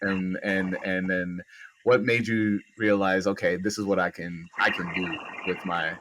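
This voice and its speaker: A man from New York with a New York accent, hosting a podcast and asking relaxed, rambling questions. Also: sits low, a little slow, noisy background. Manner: easygoing, laughs often, asks rambling questions. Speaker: podcast host. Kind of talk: casual interview chat.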